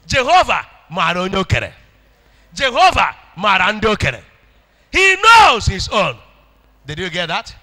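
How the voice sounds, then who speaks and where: A man's voice: high voice, huge pitch swings, a little slow, pauses often, pushed and bright, in a large hall. A man with a Nigerian accent preaching a fervent sermon, leading the congregation in call-and-response.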